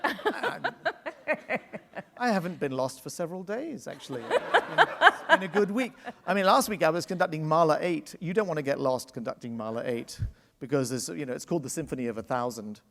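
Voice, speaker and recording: Laughing, animated man telling stories in a hall. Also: a little high, fairly quick, vocal fry, a little hiss or hum. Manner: animated anecdotal storytelling, laughs often. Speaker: orchestra conductor, interview guest. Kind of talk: live onstage interview. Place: public library salon before an audience. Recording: long reverb of a hall.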